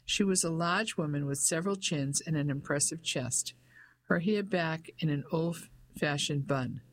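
An audiobook narrator gives the story a steady, measured reading at a middling pitch. The delivery is even and unhurried, scripted and clean.

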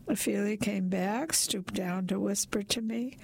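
A woman's voice: medium pitch, measured pace, vocal fry, few pauses, breathy edge. A woman reading a short story aloud in first person, in a wry, confiding, plain-spoken way. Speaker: reader.

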